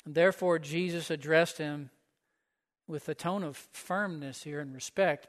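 A man's voice: a little high, moderate pace, a bit bright. A man pastor preaching a sermon in a church, conversational and often asking the listeners questions. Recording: echoey hall.

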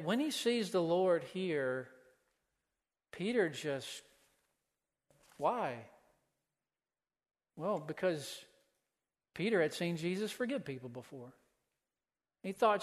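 A man's voice: on the high side, expressive, slow pace, long pauses. A man preaching a sermon as pastor, earnest, asking the listeners pointed questions. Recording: long hall reverb.

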